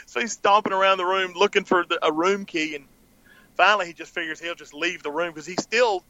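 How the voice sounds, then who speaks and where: Man, podcast co-host, animated storyteller, high bright voice, dull lo-fi sound. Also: fairly quick, dry recording. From Southern US. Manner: animated storyteller, laughing often. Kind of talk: casual storytelling chat.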